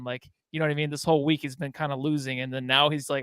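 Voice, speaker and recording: A man's voice: a little high, level tone, fast talker, few pauses, a bit bright, clean tone, dry recording. A man co-hosting a casual sports podcast, talking loosely and rambling, with swearing and lots of "like". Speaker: podcast co-host.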